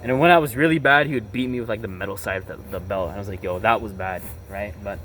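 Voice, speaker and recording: A man's voice: fairly low pitch, fast, fairly bright tone, slight background noise. A young man telling a personal story in a blunt, casual, profane way, peppering his talk with "bro" and "right?". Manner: blunt and emotionally charged. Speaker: vlogger. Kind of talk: confessional storytelling.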